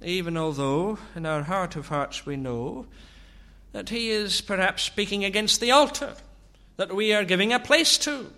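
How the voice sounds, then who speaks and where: A man preaching a sermon, asking slow, searching rhetorical questions. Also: high voice, pushed and bright.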